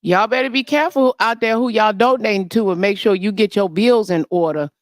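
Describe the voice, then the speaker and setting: Woman host, brash and gossipy, mid-pitched voice, dry close sound. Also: a little fast, no echo. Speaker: livestream host. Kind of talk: casual livestream rant.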